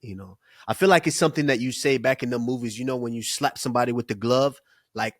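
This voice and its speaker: A man co-hosting a fight podcast in casual chat, laid-back and drawn-out, laughing easily as he breaks down matchups. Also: medium pitch, no room sound, clean studio sound. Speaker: podcast co-host, fight analyst.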